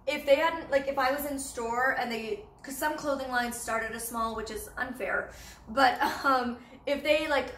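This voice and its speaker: A bubbly Canadian woman in her twenties chats about clothes with a high, bright voice. Her talk is loose and full of fillers. The room is echoey with a faint hiss behind her. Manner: bubbly, chatty, fashion-loving, many "like" fillers. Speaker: vlogger. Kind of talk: casual chat.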